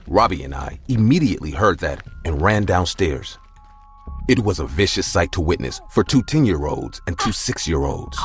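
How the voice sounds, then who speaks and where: A man with a very deep voice narrates a first-person tale, his pitch rising and falling expressively. Soft music plays quietly behind his telling. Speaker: storyteller.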